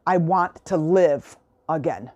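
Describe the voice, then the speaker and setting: A man's voice: on the high side, slow, no echo, muffled recording. A woman voicing a desperate man in a retold film scene, pleading earnestly to have his old life back.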